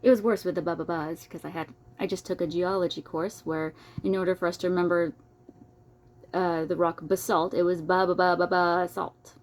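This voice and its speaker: A woman's voice: fairly low pitch, fairly even intonation, fairly quick, darkish tone. Young woman doing a read-aloud of a book, jokey little asides about herself. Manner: playful, self-deprecating asides. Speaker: book reader. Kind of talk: reading a nonfiction book aloud with chatty asides.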